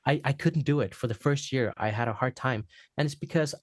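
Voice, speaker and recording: Man, podcast guest, casual storytelling, animated, acts out quotes, dry close sound. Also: medium pitch, fairly quick, dry recording. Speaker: podcast guest, actor and singer.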